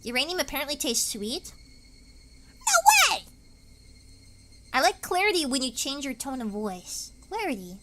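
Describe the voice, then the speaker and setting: Chatty young woman streamer, swooping pitch. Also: lively intonation, fairly quick, hardly any pauses, background noise. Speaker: VTuber streamer. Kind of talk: casual live-stream chat.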